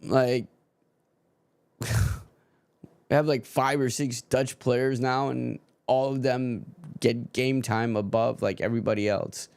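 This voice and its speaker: A man's voice: medium pitch, steady tone, slow, creaky, pauses often, darkish tone, clear, resonant tone. A man streaming live, chatting casually about football with his viewers while he codes. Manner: rambling, talks to chat while coding.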